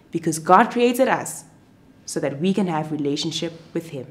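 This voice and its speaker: Animated young woman telling a Bible story to kids. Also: low-pitched, normal speed. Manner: animated, expressive storyteller for children. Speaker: children's church teacher. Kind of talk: kids' Bible story narration.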